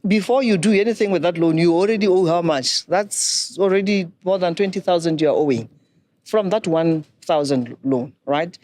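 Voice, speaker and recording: A middle-aged woman, a banking expert giving measured, instructive advice. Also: on the low side, darkish tone. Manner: measured, instructive, poses questions to listeners. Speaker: banking and microfinance expert guest. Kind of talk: explanatory advice talk.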